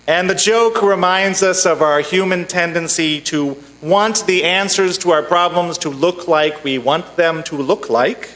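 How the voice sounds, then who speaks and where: A man giving a sermon in a church sanctuary, telling a joke in a measured storytelling way. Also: high-pitched, a bit bright, rough recording. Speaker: minister.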